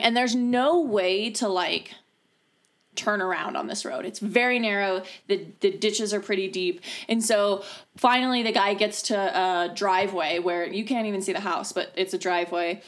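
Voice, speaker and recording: A woman's voice: medium pitch, moderate pace. A young adult woman from the US Midwest, chatting casually with friends as she tells a long story, full of "like" and the odd swear word. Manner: chatty, lots of fillers and swearing.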